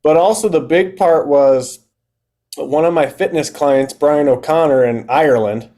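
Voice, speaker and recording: A man's voice: a little high, a little slow, dark tone. A man in his thirties, a podcast guest and fitness coach, telling his story in a candid, casual way and acting out his own past thoughts.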